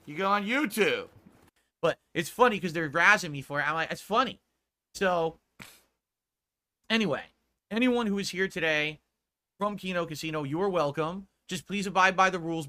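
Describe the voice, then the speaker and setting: A man streaming live, talking casually and bluntly to his chat in a laid-back way, with a sore throat and a lower voice than usual. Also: moderate pace, bright, forceful tone. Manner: blunt and profane when scolding chat.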